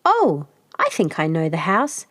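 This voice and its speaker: Woman reading as a sly, falsely gentle wolf. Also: sits low, huge pitch swings, unhurried, dry recording, clean studio sound, full character voice. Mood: sly, polite. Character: cruel greedy male wolf feigning gentleness.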